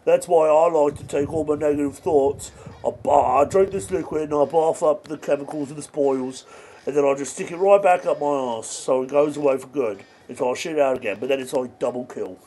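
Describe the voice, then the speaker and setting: A man in his thirties giving absurdist comedy commentary while playing a game, rambling through offbeat deadpan jokes. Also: on the high side, a little fast. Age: 30s. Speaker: gaming video host.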